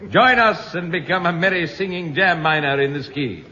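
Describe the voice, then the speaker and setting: An actor playing a solemn, deep-voiced male jam miner in a 1950s radio comedy. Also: animated, normal speed, pushed and bright, a little hiss or hum. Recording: muffled old radio, distant and reverberant.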